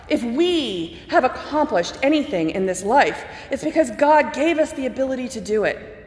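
Woman pastor, fairly high voice, earnest sermon storytelling, echoey church recording with long reverb. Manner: earnest, personal storytelling with emphatic slowed phrases.

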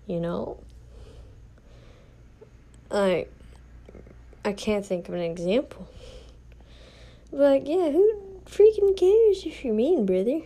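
A woman's voice: fairly high pitch, animated, slow pace, pauses often, warm tone, low-quality recording. A young woman vlogging casually from her college room at night, rambling and often dropping into whispers. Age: young adult. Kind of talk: casual late-night chat.

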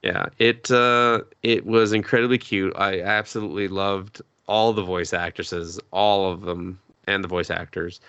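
A man chats casually on a podcast, rambling through a story and cursing freely. His voice sits on the low side, and the sound is dry and close with no room echo. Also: steady tone, unhurried, few pauses, fairly bright tone, clear, resonant tone, dull audio. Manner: rambling, swears freely, acts out characters' lines. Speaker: podcast co-host. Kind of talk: casual anime recap chat.

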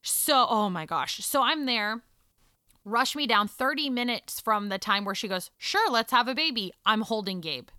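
Woman, 30s, chatty storyteller, bright crisp voice, animated with quiet hushed moments. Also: medium pitch, measured pace, no echo, clean studio sound. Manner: animated, drops to a hush for emotional moments. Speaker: guest telling her birth story. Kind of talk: casual storytelling chat.

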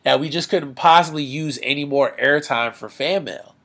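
Laid-back slangy man, higher voice. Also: normal speed, fairly bright tone. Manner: laid-back, slangy, breaks into reciting rap lyrics. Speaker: podcast host. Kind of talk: casual chat.

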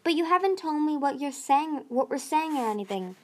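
A woman's voice: sits high, expressive, a little fast, voice pushed up. A woman reading aloud as a fierce young female sea dragon, snapping and defiant. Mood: snappish. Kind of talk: audiobook reading.

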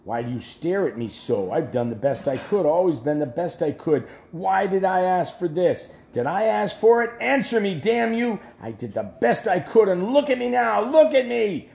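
A man voicing a drunken, frail old king who roars and shrieks with a raw, hoarse breath. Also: high-pitched, sing-song, normal speed, hardly any pauses, darkish tone, reverberant, pitched above the performer's own voice, full character voice. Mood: anguished. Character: drunken old king, raging and grief-stricken.

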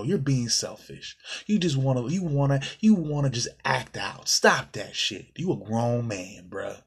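Husky man ranting about basketball. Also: mid-range voice, animated, measured pace, hardly any pauses. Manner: heated ranting, swearing, addressing the player directly. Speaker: sports commentator. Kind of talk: casual basketball commentary.

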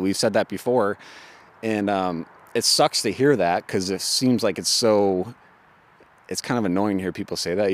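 A man with a fairly low voice, co-hosting a casual podcast. He explains fitness ideas thoughtfully, pausing on fillers as he works through his points. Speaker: podcast co-host.

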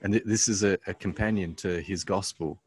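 A man, a pastor telling a story as a guest in a casual conversation, halting often with "um" and restarting his sentences. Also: low voice, steady tone, a little mellow, slightly rough.

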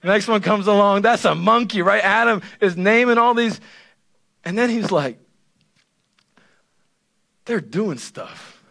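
A male pastor preaches in a loose, conversational way, often tossing "right?" back at the congregation. His voice sits a little high for a man. He keeps the delivery animated and lively. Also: moderate pace, creaky. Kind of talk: sermon.

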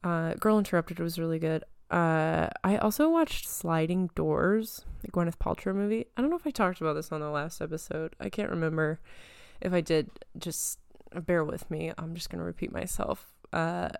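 Chatty woman with a gravelly voice. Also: fairly low pitch, moderate pace, no echo, clean studio sound. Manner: rambling, chatty, trails off and restarts. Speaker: podcast host. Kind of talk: casual chat.

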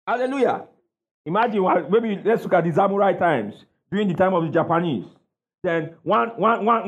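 A man's voice: high-pitched, lively intonation, moderate pace. A man preaching a sermon with emphatic call-and-response, asking the congregation to finish his lines. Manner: emphatic call-and-response, asks the crowd "what?". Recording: dull lo-fi sound.

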